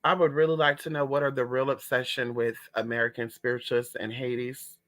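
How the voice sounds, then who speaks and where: A man hosting a casual livestream, reading chat, sassy and animated, calling viewers honey and girl. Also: medium pitch, brisk.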